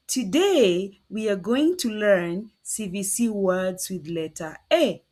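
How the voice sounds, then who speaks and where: Slow, sing-song woman teaching young children. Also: medium pitch, animated, darkish tone. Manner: cheerful, coaxing, sounds out letters slowly.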